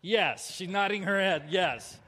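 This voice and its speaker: A man preaching a personal testimony, animated and self-mocking, acting out his own lines. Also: high voice, measured pace. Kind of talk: storytelling sermon. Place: large hall before a live audience. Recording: long reverb of a large hall.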